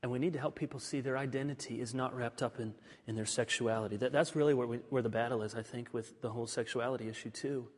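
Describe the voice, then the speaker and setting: A male pastor preaching a sermon, moving from ringing, emphatic declarations to hushed, confiding asides. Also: mid-range voice, steady tone, quick pace, few pauses. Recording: long reverb of a large hall.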